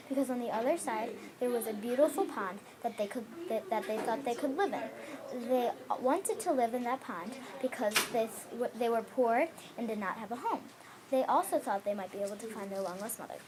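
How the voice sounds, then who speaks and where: A woman reads aloud a fairy tale she adapted, in an expressive storybook manner. Her voice sits high, with faint noise behind it.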